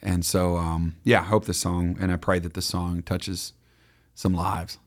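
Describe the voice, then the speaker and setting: A man guest musician chatting in a casual radio interview, excitable and devout, with lots of restarts and fillers. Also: deep voice, unhurried. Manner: devout, says praise phrases.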